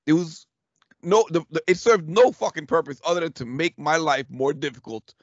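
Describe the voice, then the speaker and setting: A man in his thirties telling a story in casual chat. He is animated, swears freely, laughs often and acts out what people said. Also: a little high, normal speed, dry recording. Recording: dull, dry lo-fi recording.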